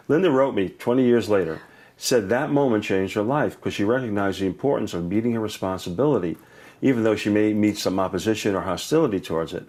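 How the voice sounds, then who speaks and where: Older male educator guest, low voice, lively anecdotes with laughter. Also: quick pace. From Brooklyn, New York. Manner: animated, laughs often, acts out voices in stories. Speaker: educator and author, interview guest. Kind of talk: warm anecdotal storytelling.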